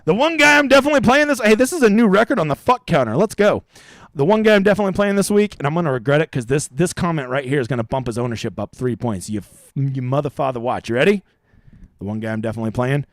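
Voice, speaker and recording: A man's voice: sits high, no echo. A man hosting a live stream of fantasy golf picks, talking in a brash, profane, joking way. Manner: brash, profane, jokey trash talk.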